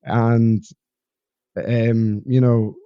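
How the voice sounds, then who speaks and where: A man's voice: mid-range voice, little pitch movement, extremely slow, clear, resonant tone, no echo, dull audio. A man with a Scottish Borders accent hosting a solo podcast, talking candidly and rambling in a self-deprecating way into a podcast mic. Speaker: podcast host. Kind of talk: solo reflective podcast monologue. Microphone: podcast microphone.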